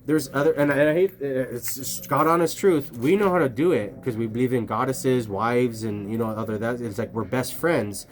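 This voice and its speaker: A man's voice: medium pitch, normal speed, few pauses. Man rambling and swearing to camera. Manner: rambling, profane, laughs a lot. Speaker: vlogger. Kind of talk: casual rambling talk to camera. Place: outdoors at night.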